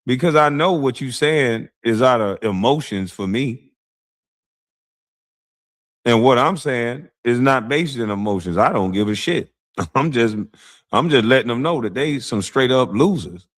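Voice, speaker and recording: A man's voice: medium pitch, measured pace. A man hosting a casual livestream, reacting to a clip with mocking, blunt commentary and frequent laughter. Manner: mocking, animated, laughs often, blunt slang. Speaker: streamer, show host.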